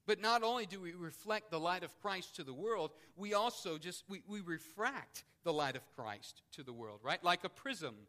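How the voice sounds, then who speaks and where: A male pastor preaching a sermon with a high, bright voice. He swells into emphatic peaks and repeats key phrases for weight. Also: expressive, normal speed, hardly any pauses.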